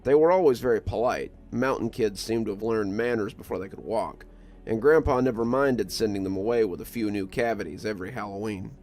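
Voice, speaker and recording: A man reading a scripted first-person story in a calm, measured manner. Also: on the low side. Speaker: narrator. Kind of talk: scripted horror story narration. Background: soft music.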